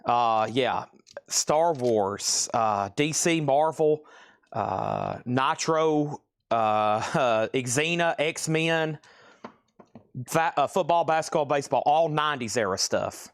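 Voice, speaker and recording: A man at an ordinary pitch runs a livestream auction, calling out items and bids in loose, rambling patter. He sounds a little out of breath as he goes. The sound is dry and close to the mic. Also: lively intonation, slow pace, gravelly, no echo. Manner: chatty, rambling, thinks aloud. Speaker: live sale host.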